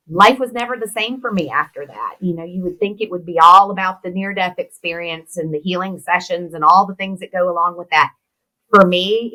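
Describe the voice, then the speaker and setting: A middle-aged American woman, an interview guest, telling a personal story in a lively way and acting out the voices of the people in it. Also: fairly low pitch, poor audio. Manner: animated storyteller who acts out quoted voices. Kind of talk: storytelling in conversation.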